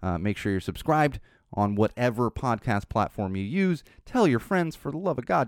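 A man's voice: medium pitch, expressive, normal speed, no room sound. A man hosting his own podcast, delivering a blunt, profane, impassioned rant and then his sign-off from a studio. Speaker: podcast host. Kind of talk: ranting solo podcast commentary.

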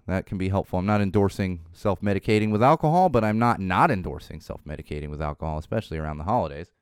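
A man's voice: lowish voice, a little mellow, clear, resonant tone, no echo, studio quality. A man hosting a casual solo podcast, rambling with a wry tone and restarting his sentences often. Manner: rambling, wry, repeats words while restarting. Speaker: podcast host.

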